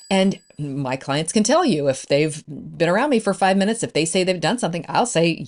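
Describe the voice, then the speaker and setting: A woman's voice: on the low side, animated, normal speed, a little mellow. A woman business coach hosting a solo podcast, upbeat and encouraging in a conversational way.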